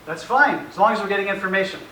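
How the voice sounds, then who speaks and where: High, bright and forceful, the man's voice moves fast as he delivers a casual, anecdotal presentation to parents in a meeting room. He is middle-aged, acts out family exchanges and laughs frequently. The recording has faint hiss and roomy echo, with the mic placed far away.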